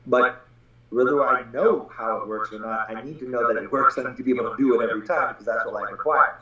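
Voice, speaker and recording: A man's voice: medium pitch, fast, pushed and bright. A man, a Taoist teacher, talking in a casual podcast conversation, blunt and profane, often acting out what others say. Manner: blunt and profane, acts out quoted voices. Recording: very echoey, dull-sounding room recording.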